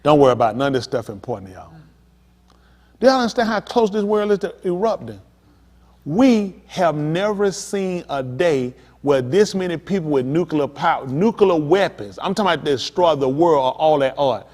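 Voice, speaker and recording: A man's voice: a little high, expressive, moderate pace, darkish tone. A male pastor preaching a sermon, talking straight to the congregation with emphatic, pressing questions. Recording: long hall reverb.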